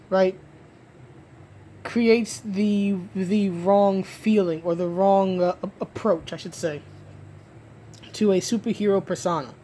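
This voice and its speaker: A woman's voice: medium pitch, warm tone, a little hiss or hum. A woman giving an emphatic solo rant about comics, restarting and repeating herself often as she argues her point. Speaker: comic book commentator.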